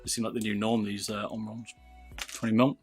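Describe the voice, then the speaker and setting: A man's voice: on the low side, little pitch movement, fairly quick, soft background music. A British man chatting casually with viewers on a livestream while soldering, calling people "mate". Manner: chatty, talks to viewers, says "mate" a lot. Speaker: livestreamer modding gaming mice.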